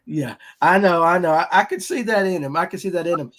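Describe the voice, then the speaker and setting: A man hosts a casual fishing podcast. His voice sits a little high, and he talks in a folksy, rambling, upbeat way. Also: a little fast, a bit bright. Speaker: podcast host.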